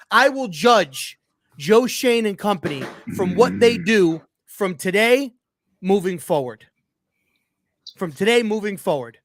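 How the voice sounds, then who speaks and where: A man's voice: high-pitched, expressive, unhurried, fairly bright tone, no room sound. A sports show host ranting at his live chat, angry and frustrated, emphatic and profane, repeating his points. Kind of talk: heated sports rant.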